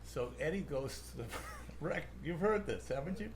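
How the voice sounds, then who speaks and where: A man's voice: a little high, animated, moderate pace, background noise. A man, a comedian, rambling through profane stories among friends. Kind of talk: storytelling with friends.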